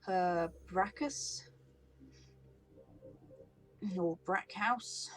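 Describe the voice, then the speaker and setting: A woman doing an icy, wealthy patriarch from a role-playing game, clipped and formal. He gives orders with cold authority and little warmth. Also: fairly low pitch, takes it slowly, poor audio. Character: cold, wealthy older man, stern patriarch.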